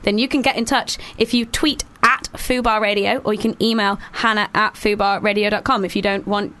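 A woman's voice: medium pitch, steady tone, a little fast, a bit bright. A woman hosting a radio show in a studio, chatting casually and laughing often.

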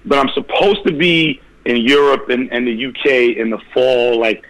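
A man's voice: mid-range voice, normal speed, fairly bright tone, no room sound, poor audio. A man being interviewed about his new music, talking in a laid-back, enthusiastic way full of slang and repeated words. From United States. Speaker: musician guest. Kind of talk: casual interview chat.

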